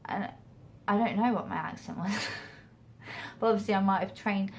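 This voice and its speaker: A woman's voice: medium pitch, normal speed, a little mellow, a little hiss or hum. A young English woman with a mixed regional accent, chatting casually to camera about acting, rambling with restarts. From England. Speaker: acting vlogger.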